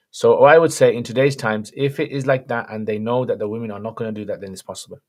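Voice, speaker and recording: A man hosting a casual livestream Q&A, reading viewer questions aloud and answering them plainly in a relaxed, conversational way. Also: on the low side, fast talker, hardly any pauses.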